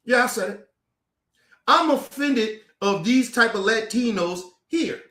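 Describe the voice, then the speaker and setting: A man with a strikingly high voice rants angrily to the camera, profane and confrontational, tripping over and repeating his own words. The sound bounces around an echoey room. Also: expressive, a little slow, bright, forceful tone. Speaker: commentator. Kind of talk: angry profane rant to camera.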